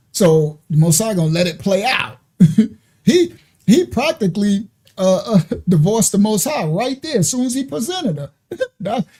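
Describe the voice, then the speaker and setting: Male ministry host, high mellow voice, loose slangy preaching with frequent laughter. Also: measured pace. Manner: animated, slangy, laughs often. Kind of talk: casual streamed preaching.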